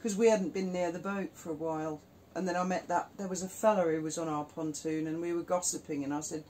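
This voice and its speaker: A woman, chiming in agreeably and gossiping in a relaxed conversation. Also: on the low side, fast, few pauses, slight background noise. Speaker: co-host. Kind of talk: casual chat.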